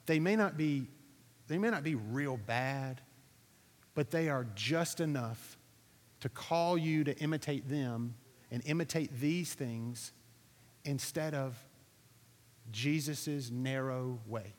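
A man preaching, telling a lively personal story to his audience, acting out what others said, then drawing a lesson from it. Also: mid-range voice, takes it slowly, long pauses. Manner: animated storytelling, acting out quotes, asking the audience. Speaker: pastor. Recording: reverberant hall recording.

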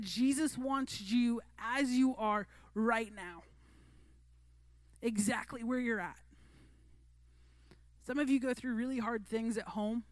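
A woman's voice: a little high, a little mellow, no echo. A woman preaching a sermon to a youth group in an earnest, conversational way. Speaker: youth pastor.

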